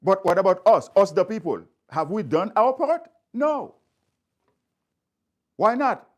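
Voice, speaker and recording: A man's voice: high-pitched, big pitch swings, measured pace. A man speaking straight to his viewers, stressing his points by repeating phrases. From Haiti. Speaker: community speaker. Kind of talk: impassioned address to viewers.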